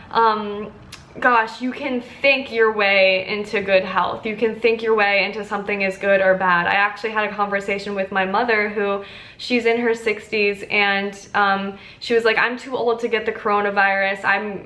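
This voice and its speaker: A woman's voice: medium pitch, a bit bright, echoey room, rough recording. A woman dietitian giving an earnest motivational talk about mindset, stressing words by saying them twice and using many fillers. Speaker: dietitian and wellness coach. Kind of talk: motivational self-help talk to camera.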